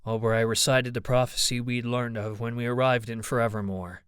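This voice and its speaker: A man narrating an audiobook in the first person, with a steady, even storytelling delivery. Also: medium pitch, fairly quick, smooth, dry recording, studio quality.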